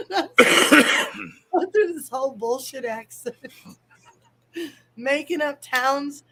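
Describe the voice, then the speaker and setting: A woman from the Chicago area chats loosely on a live stream panel, swearing freely and breaking into laughs. Her voice sits fairly high. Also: animated, takes it slowly, pauses often, a little hiss or hum, low-quality recording. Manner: chatty, swearing, laughs often. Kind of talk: casual livestream chat.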